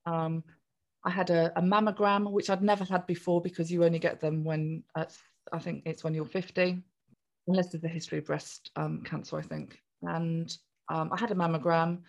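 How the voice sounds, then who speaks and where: A woman, a podcast guest chatting through a personal story in a jolly, animated way. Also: lowish voice, normal speed. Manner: chatty, jolly, acts out voices in quoted speech.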